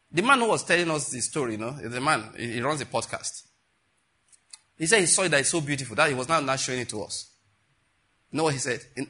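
A male pastor with a slightly high, husky voice preaches a sermon. He tells stories animatedly, acting out the voices of the people in them.

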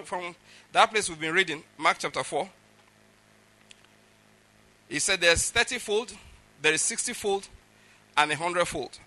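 A man's voice: fairly high pitch, sharp tone. A middle-aged man preaching a sermon, emphatic and often checking that his listeners follow. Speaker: pastor.

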